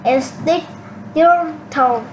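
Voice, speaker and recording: A woman doing shadowing practice, slowly and haltingly repeating cartoon lines with small slips. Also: high voice. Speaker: English learner. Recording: noisy home recording.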